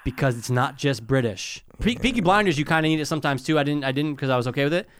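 A man's voice: a little high, fast, a bit bright, clean tone, no echo, clean studio sound. A man in casual podcast chat, enthusiastic and profane, talking in long run-on stretches.

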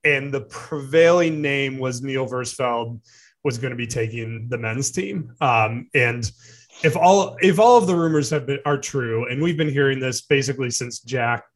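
A man's voice: mid-range voice, normal speed. Man analyzing news on a podcast. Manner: teasing, talks through ideas with fillers. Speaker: editor-in-chief, podcast regular. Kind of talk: casual podcast discussion.

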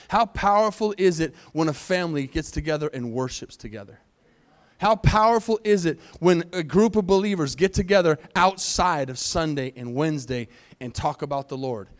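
A man with a high, light voice preaches to his congregation. He drives his points hard with rhetorical questions and slows down to read scripture. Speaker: pastor. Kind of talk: sermon. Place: church sanctuary.

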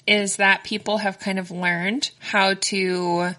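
Brief: woman co-host, bright and forward tone, giggly rambling chatter. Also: medium pitch, flat delivery, slow pace. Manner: giggly, rambling, says like a lot. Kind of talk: casual chat.

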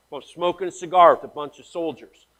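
A man preaching a sermon as pastor, blunt and slangy, swinging between hushed asides and loud emphasis as he tells stories. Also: on the high side, steady tone, fast talker. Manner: blunt, slangy, calls listeners man and guys.

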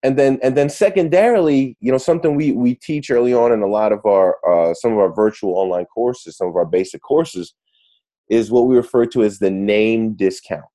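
A man being interviewed as an author, talking in a lively way and often restarting his phrases. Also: medium pitch, moderate pace. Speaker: guest author. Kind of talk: conversational interview.

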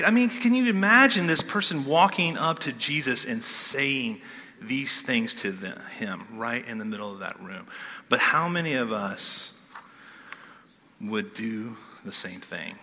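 A man preaching a sermon in a casual, animated way, often checking in with "okay?", in a church hall. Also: medium pitch, unhurried. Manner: conversational, animated, keeps asking "okay?". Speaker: pastor.

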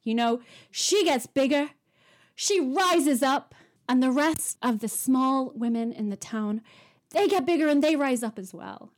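A woman's voice: high voice, expressive, a little slow. Breezy woman in a mock interview. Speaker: comedy performer.

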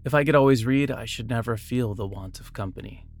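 A man's voice: mid-range voice, a little fast. A man reading short biographies and quotes aloud, breaking off now and then for casual asides and small self-corrections.

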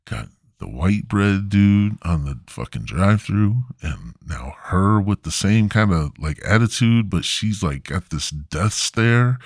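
A man's voice: low-pitched, lively intonation, slow, no echo, clean studio sound. A man hosting a podcast, telling a rambling, profane story in a laid-back, casual way. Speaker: podcast host.

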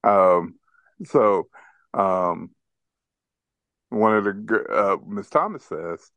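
Man, podcast co-host, low voice, dry sound, casual storytelling, animated. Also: extremely slow, pauses often, no echo.

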